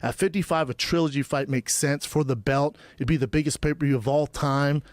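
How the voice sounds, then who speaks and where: The recording is dry as this podcast co-host, a man in his thirties, tells a story with a somewhat high voice, a little fast. Chatting casually, he animatedly acts out the quoted exchanges back and forth.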